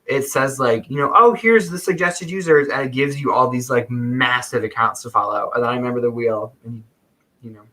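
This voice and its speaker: Male guest on a video call, sharp bright tone, chatty and full of quick asides. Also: medium pitch, rough recording. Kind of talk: casual live-stream chat.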